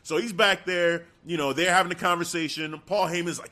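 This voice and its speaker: A man's voice: fairly high pitch, fairly quick, few pauses. A man co-hosting a casual chat, recapping a show and acting out the people in it. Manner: animated, acts out quotes, laughs often. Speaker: podcast co-host.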